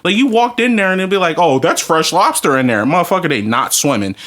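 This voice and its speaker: Drunk dude w aave ranting on a podcast, swearing nonstop, voice jumping all over, bright edgy tone. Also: male voice, a little high, expressive, quick pace. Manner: loud profane ranting with bursts of laughter. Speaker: podcast co-host. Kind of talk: crude storytelling banter.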